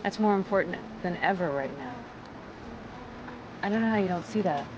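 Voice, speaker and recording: An actress as a determined, impatient journalist who presses her point insistently. Her voice sits lowish. The sound is dull, with clear ambient noise. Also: animated, normal speed, natural voice. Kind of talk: film acting, naturalistic dialogue.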